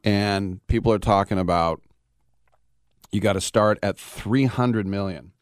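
Low-voiced radio sports guy, brash and rambly, dry close mic. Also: measured pace, smooth, dry recording. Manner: brash, rambling, rhetorical questions. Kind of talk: casual sports talk radio.

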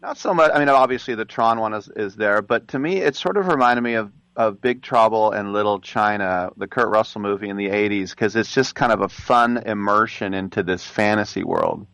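A man's voice: on the low side, fairly quick, few pauses, a bit bright, no echo. A man hosting an interview, asking chatty, teasing questions. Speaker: interviewer, host.

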